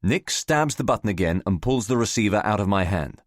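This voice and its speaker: A man narrating a novel in the first person, in a measured storytelling manner. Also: fairly low pitch, lively intonation, no echo, studio quality. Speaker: audiobook narrator.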